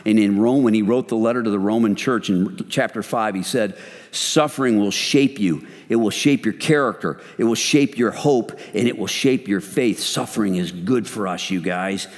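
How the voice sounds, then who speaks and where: A man's voice: on the low side, moderate pace. Earnest man preaching in a reverberant hall. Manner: earnest, conversational preaching with animated retellings. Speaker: men's ministry leader. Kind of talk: sermon.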